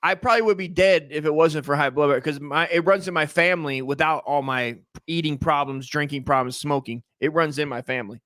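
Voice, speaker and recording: A man co-hosting a podcast, joking loudly in crude banter and calling people bro and dog. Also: on the high side, fairly quick, few pauses, dry recording, studio quality. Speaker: podcast co-host.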